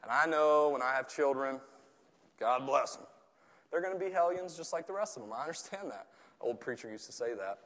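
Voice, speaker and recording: A man, a youth pastor preaching a sermon, switching between shouted passages and quiet, chatty talk. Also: medium pitch, lively intonation, a little fast. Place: church. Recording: echoey church hall.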